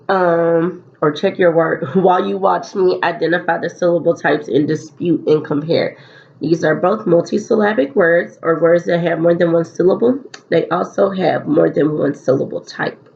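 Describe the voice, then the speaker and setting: A woman teacher talks students through a phonics lesson, slow and patient, stating each step and repeating key phrases. Her voice sits a little low. The recording is dull and lo-fi. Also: creaky, a little mellow, a little hiss or hum.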